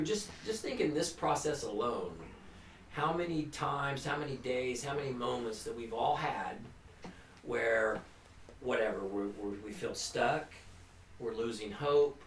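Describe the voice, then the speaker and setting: A man, a recovery counselor, giving an informal, earnest talk to a family group, with restarts and frequent "you know". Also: medium pitch. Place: meeting room. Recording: echoey room, distant mic, faint hum.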